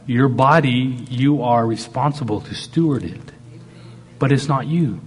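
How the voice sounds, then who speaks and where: A man's voice: medium pitch, a little slow. A man preaching a sermon. He talks animatedly and acts out God speaking in short quoted lines. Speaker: pastor.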